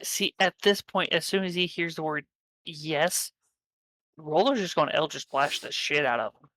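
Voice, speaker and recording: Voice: mid-range voice, moderate pace, sharp tone. A player in a tabletop game, stating their character's actions plainly and matter-of-factly. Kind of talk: casual tabletop game talk.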